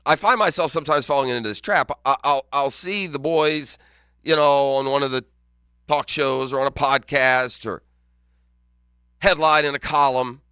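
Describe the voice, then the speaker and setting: Bright, playful sports radio man. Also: medium pitch, normal speed, clear, resonant tone, no room sound, studio quality. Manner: playful, laughing often, teasing. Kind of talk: casual morning radio banter. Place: radio studio. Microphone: studio microphone.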